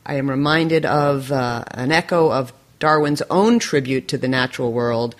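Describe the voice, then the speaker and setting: A woman's voice: extremely low pitch, normal speed, hardly any pauses. A woman hosting a podcast interview, speaking with enthusiasm and playful humor and laughing often. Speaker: podcast host.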